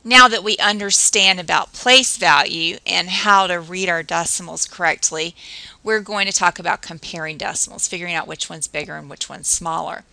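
A woman teacher narrating a recorded math lesson, explaining patiently and counting through drills slowly. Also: on the low side, creaky, sharp tone, no echo, low-quality recording.

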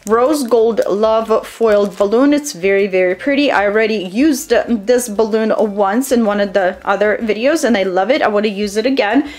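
A woman with a cold, whose voice is on the high side and a little raspy and prone to cracking, hosts a balloon decorating tutorial. In casual, upbeat narration she speaks straight to her viewers and lists the supplies.

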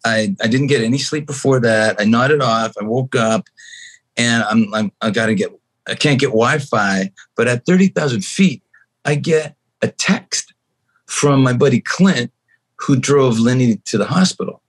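A man from Canada, a guest musician on a podcast, telling a story with animated energy and acting out what other people said. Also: medium pitch, a little slow. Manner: animated, acts out other people's lines in shifting voices. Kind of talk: storytelling anecdote in a podcast chat.

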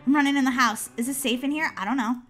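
A woman hosting a gaming channel, giving excitable let's-play commentary, giggling and shrieking when chased. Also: sits high, fast, soft background music.

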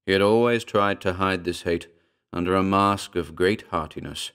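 A man giving a measured, grave, scripted narration of a horror story. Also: sits low, a bit bright, clean tone. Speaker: audiobook narrator.

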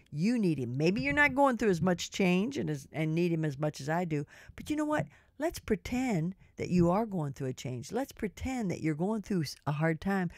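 A woman's voice: low voice, no room sound, studio quality. Earnest older woman giving a devotional. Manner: earnest and personal, quotes scripture in King James wording. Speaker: devotional speaker. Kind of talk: devotional talk to women listeners.

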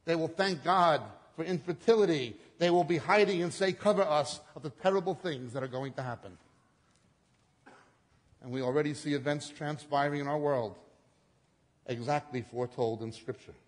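A fairly high-voiced male preacher delivers a sermon with dramatic swings, surging loud and then falling to a hush. His voice rings out with a long reverb trail, as if in a large hall. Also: normal speed. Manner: dramatic swings in pitch and loudness, acting out quotes.

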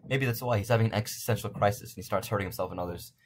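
A man's voice: lowish voice, rapid-fire, slight background noise. A young man casually commenting on a game from his bedroom, rambling and making self-deprecating jokes. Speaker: let's play gamer.

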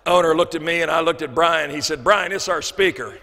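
In a banquet hall, a motivational speaker delivers a humorous keynote in a fairly high, gravelly voice at a brisk clip. He's animated and acts out the people in his stories, voicing their quoted lines, while the hall rings with reverb.

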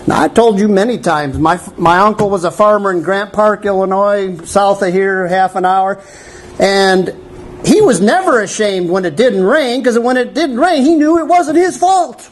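A male pastor preaching a sermon in a church, animated, with wry asides to the congregation. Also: sits high, moderate pace, a little hiss or hum, low-quality recording.

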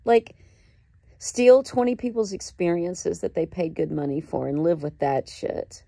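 A woman recording a raw confessional diary clip, halting, upset and close to tears, swearing as she talks. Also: lowish voice, lively intonation, gravelly, warm tone, husky, no echo. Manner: halting, distressed and ashamed, with swearing. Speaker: vlogger.

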